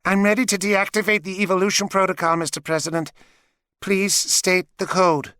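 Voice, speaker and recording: A man voicing a slow, high female robot. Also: flat delivery, pushed and bright, clean tone, no room sound, studio quality. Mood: urgent, mechanical. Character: female robot, calm, fading, philosophical. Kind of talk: audiobook character voice.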